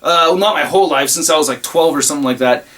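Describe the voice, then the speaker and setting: A man who reviews toys online, excitedly telling a rambling story in a casual vlog. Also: fairly high pitch, fast talker. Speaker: toy reviewer and YouTuber.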